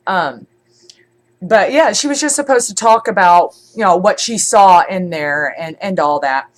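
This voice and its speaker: Casting: congested woman streamer, rambling chat, lowish voice. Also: expressive, unhurried. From born in Scotland, raised in Germany. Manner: rambling, with many fillers and restarts. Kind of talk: casual chat.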